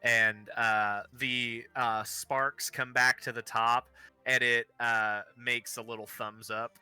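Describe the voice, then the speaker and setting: A man narrating as game master, rambling and halting with many fillers. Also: medium pitch, level tone, bright, forceful tone, smooth, no room sound.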